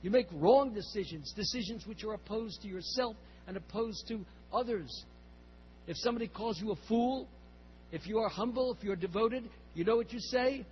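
An older man with a fairly high voice tells a story to a class, rambling and restarting his sentences. The recording is slightly muffled, and a faint hum runs underneath. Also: normal speed. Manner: rambling, with repeated words and restarts. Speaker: speaker at a temple class.

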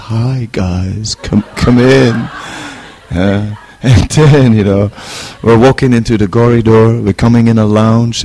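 A middle-aged man giving an informal spiritual talk, relaxed and hesitant, chuckling as he tells a personal story. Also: lowish voice. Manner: relaxed, hesitant, chuckles while telling stories. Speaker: spiritual teacher.

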